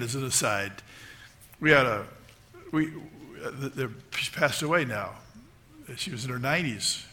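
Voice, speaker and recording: A man's voice: medium pitch, bright, forceful tone. A man, a middle-aged pastor, preaching a sermon with emphatic repeated phrases.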